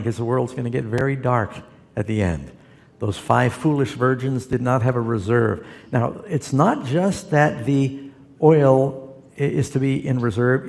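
A pastor fields Bible questions conversationally, answering in a folksy, storytelling style and quoting scripture. His medium-pitched voice is gravelly and darkish, with a long reverb tail.

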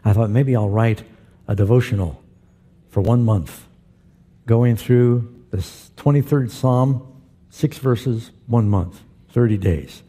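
A middle-aged male pastor with a dark, mellow tone and a slightly husky edge. He preaches in an easy storytelling way, slipping in humor and turning to the congregation with questions. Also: mid-range voice, slow pace. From Southern California. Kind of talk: sermon.

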